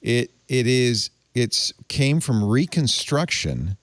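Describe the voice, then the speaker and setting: A man's voice: medium pitch, very animated, slow, no room sound, studio quality. A man hosting a casual panel chat, musing aloud and laughing often. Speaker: host.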